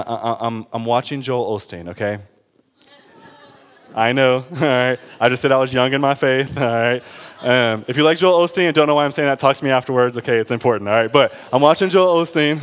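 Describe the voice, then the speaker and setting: A young man preaching a sermon as a pastor, casual and conversational, often checking in with his listeners. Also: medium pitch. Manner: conversational, checks in with "okay?" and "all right?". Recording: long hall reverb.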